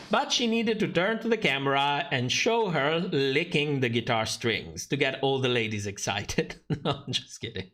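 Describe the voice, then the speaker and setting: Male livestream commentator, sarcastic and foul-mouthed, very animated pitch, mid-range voice. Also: measured pace. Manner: sarcastic, profane ranting; laughs mid-sentence. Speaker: drag show commentator.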